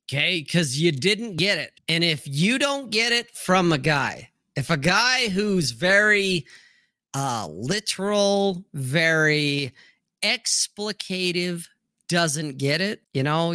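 A man's voice: on the high side, lively intonation, slow pace, sharp tone, no room sound. Profane ranting man, dry sound. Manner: profane, ranting, acts out quotes. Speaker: livestream host. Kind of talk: crude casual chat.

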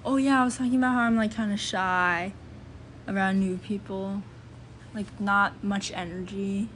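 A woman's voice: medium pitch, steady tone, moderate pace, fairly bright tone, a little hiss or hum. A woman hosting her own channel, chatting in a casual, rambling monologue full of filler words and restarts. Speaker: channel host.

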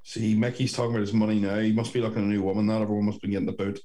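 A man's voice: lowish voice, flat delivery, rapid-fire, mellow. A young Northern Irish man co-hosting a podcast over a video call, rambling and swearing in casual chat. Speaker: podcast co-host. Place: sister's bedroom at home.

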